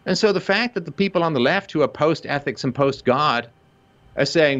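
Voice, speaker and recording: A man speaking as a guest, arguing in a lively, conversational way and dropping into short mock quotes. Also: on the high side, moderate pace. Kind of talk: conversational argument. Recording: dull lo-fi sound.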